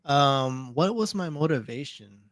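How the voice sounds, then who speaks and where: A male guest creator chatting casually on a livestream, telling a relaxed story. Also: fairly high pitch, unhurried, no echo.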